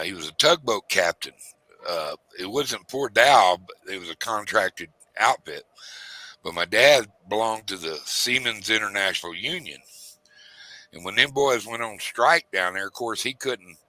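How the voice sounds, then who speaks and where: Middle-aged man, bright forceful voice, dry close sound, rambling storyteller. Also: low voice, dry recording. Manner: rambling Southern-drawled storytelling, quoting his parents in raised voices. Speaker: host telling a story. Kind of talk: casual storytelling chat.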